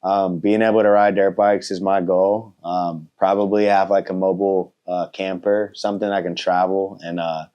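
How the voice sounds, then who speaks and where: A man's voice: sits low, little pitch movement, normal speed, hardly any pauses, mellow, dull audio. A man of thirty answering interview questions in a casual, polite way, with many fillers and a trailing-off delivery. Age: 30s. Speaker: motorcycle racer and content creator.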